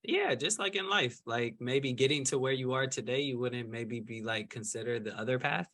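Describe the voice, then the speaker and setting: A man hosting a podcast, asking relaxed, chatty questions full of fillers over a video call. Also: mid-range voice, moderate pace. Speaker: podcast host.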